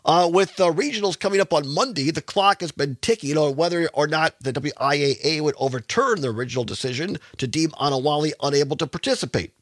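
A man's voice: on the high side, fast talker, few pauses, a bit bright, dry recording. Chatty fifty-something male radio host. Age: 50s. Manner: chatty, repeats phone number, reads news aloud. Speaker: radio talk show host. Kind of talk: call-in radio talk.

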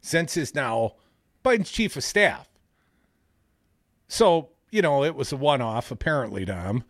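A man co-hosting a casual news chat, reading out stories and adding animated, jokey asides. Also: medium pitch, a little slow, no room sound, studio quality. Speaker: podcast co-host.

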